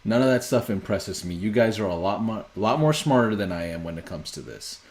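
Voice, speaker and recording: A man hosting a sales workshop, talking fast and pressing his points with repetition. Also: lowish voice, expressive, a little mellow. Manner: fast-paced, urgent, repetitive emphasis. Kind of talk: motivational teaching.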